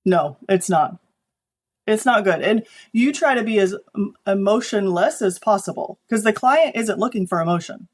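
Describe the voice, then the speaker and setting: Woman photographer telling lively work stories. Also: mid-range voice, normal speed. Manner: animated storytelling, acting out quoted people. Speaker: corporate photographer guest. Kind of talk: conversational interview.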